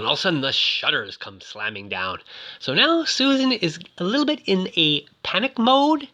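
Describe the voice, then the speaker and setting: A man's voice: on the high side, big pitch swings, moderate pace, sharp tone, muffled recording. A man giving a rambling, jokey, casual recap of a film as its host.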